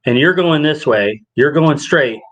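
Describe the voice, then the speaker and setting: A man's voice: unhurried, poor audio. A man co-hosting a casual podcast chat, telling stories and acting out quoted voices with a lot of energy. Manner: animated storyteller, acts out quotes with rising pitch. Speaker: podcast co-host.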